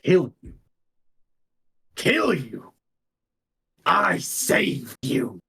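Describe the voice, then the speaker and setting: A proud hobgoblin wizard speaks with cold scorn, as a male game master puts him on. His voice sits at a middle pitch and moves slowly and deliberately. He commands rather than asks. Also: animated, slightly rough. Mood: indignant. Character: imperious male hobgoblin wizard in red robes.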